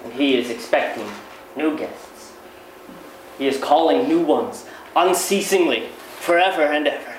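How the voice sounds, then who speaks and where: A man reading the part of a gentle, loving old monk elder in a slow, tender, solemn way. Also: a little high, slight background noise, lightly acted. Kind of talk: dramatic reading. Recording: echoey room, mic far off.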